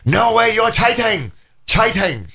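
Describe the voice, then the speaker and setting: A man's voice: high voice, big pitch swings, slow, gravelly, sharp tone, breathy edge, pitched above the performer's own voice, exaggerated voice. A man voicing his insistent girlfriend with a Chinese accent, speaking in clipped, broken grammar and garbling words. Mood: indignant.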